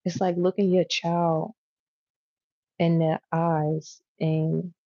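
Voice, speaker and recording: A woman's voice: lowish voice, little pitch movement, takes it slowly, dark tone, dry recording, dull audio. A woman giving a casual tarot reading to her viewers, rambling, profane and chatty as she goes. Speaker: tarot reader.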